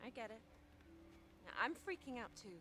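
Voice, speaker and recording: An actress playing an upbeat young woman writer in a video game, chatty and quick to defend herself. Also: fairly high pitch, expressive, sharp tone, a little hiss or hum. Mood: animated.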